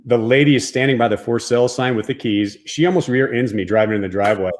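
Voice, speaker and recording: A man who grew up in Texas tells a long personal story as a guest. He talks in an emphatic, casual way, swears often, and sits at a middling pitch for a man. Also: quick pace. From Texas, Dallas-Fort Worth area. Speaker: guest, former pro baseball player.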